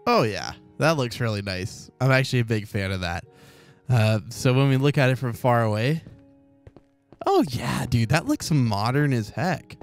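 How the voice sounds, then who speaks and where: A man talking through a building game at his desk in an ordinary, mid-range voice. His commentary is casual and rambling as he thinks aloud, upbeat and chatty, with soft calm music playing faintly underneath. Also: mid-range voice, normal speed. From Oklahoma, US. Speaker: let's play host. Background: faint calm background music.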